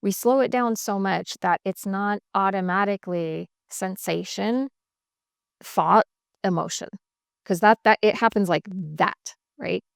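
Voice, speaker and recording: A woman working as a couples coach, explaining in a measured and emphatic way on a podcast. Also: medium pitch, vocal fry, clean tone, no room sound, clean studio sound.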